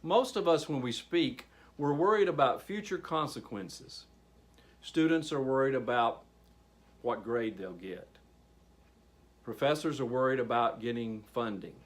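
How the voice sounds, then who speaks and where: A man leading a workshop on handling speaking anxiety, addressing a group and pausing for effect. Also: medium pitch. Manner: animated, addressing a group, with pauses. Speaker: training facilitator. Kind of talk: public speaking workshop presentation.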